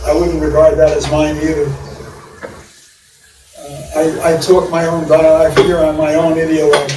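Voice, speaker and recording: A man's voice: a little high, level tone, normal speed. An older man from New York with a New York accent, a poet speaking at a symposium in a meandering, improvised way, full of restarts and wry asides. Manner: digressive, many restarts and fillers, wry laughs. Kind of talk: rambling improvised talk. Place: large echoey university room. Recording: echoey room, far mic, audible hiss.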